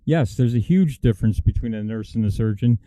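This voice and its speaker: Brief: male co-host, very dark mellow tone, dry close sound, emphatic and indignant. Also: mid-range voice, fairly quick, dry recording. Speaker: talk show co-host. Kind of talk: casual political talk.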